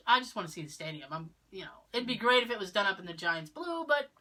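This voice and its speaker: Bright-voiced woman telling a lively story. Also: medium pitch, fast talker. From Massachusetts, near Cape Cod. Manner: animated storyteller, acts out what others said. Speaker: podcast co-host. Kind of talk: casual chat.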